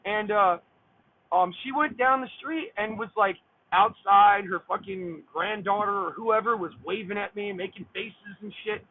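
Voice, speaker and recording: A man's voice: high voice, moderate pace, no room sound. A man, a streamer, ranting angrily about a neighbor dispute, swearing heavily. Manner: profane, heated, swearing constantly. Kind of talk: angry ranting monologue. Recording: thin phone-like sound.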